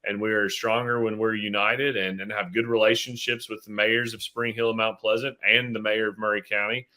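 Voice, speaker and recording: Earnest man in his thirties, very bright tone, lowish voice, stumbles and restarts. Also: flat delivery, fairly quick. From Tennessee. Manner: earnest, many fillers and restarts. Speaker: city mayor, guest. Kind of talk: casual interview answers.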